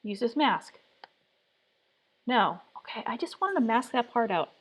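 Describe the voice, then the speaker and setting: A woman's voice: on the high side, big pitch swings, a little slow, husky. A woman streaming live from her home workspace. She mutters to herself as she tries things out, one attempt after another. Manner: muttering, trial-and-error self-talk. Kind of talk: live design stream, thinking aloud.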